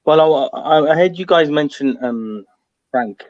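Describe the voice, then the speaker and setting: A man's voice: on the high side, animated, a little slow, a little mellow, dry recording. A man from Birmingham with a Birmingham accent, a guest chatting casually and laughing often. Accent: Birmingham English. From Birmingham, England. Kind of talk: casual chat. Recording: dry, dull lo-fi sound.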